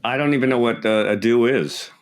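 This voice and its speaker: A man's voice: medium pitch, fairly quick, slight background noise. Rambling self-deprecating comedian, man. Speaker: comedian and podcast co-host. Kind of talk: casual comedy podcast banter.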